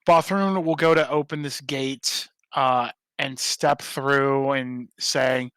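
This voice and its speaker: A man's voice: medium pitch, fairly even intonation, unhurried, hardly any pauses, a bit bright, no echo. A man running a tabletop game as game master, narrating casually with a rambling, apologetic manner.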